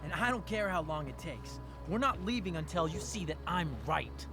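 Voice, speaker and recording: A controlling teenage boy in a video game, his voice swinging up and down with clingy intensity. He speaks with an insistent, creepy calm and presses his point hard. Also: fairly high pitch, moderate pace, music in the background. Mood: coaxing.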